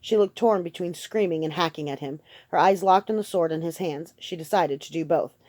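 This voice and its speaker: An audiobook narrator, a woman with a low, mellow voice, reads a novel in a steady, measured way. The recording is close and dry, with no room sound.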